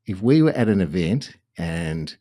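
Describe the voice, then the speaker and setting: Low-voiced Australian podcast host. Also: male voice, sing-song, unhurried, dark tone. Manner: friendly, chatty, with restarts and fillers. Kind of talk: podcast interview, casual chat.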